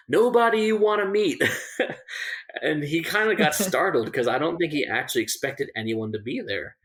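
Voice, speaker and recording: A medium-pitched, gravelly yet fairly bright male voice belongs to a survival instructor sharing a story on a podcast. It's casual, packed with fillers and restarts, and he laughs whenever it gets funny.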